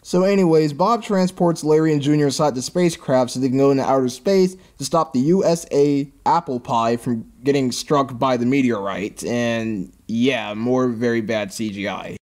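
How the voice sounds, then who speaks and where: A man's voice: medium pitch, moderate pace, few pauses, a little mellow. A man giving sarcastic review commentary on a cartoon, ranting in an exasperated, mocking way.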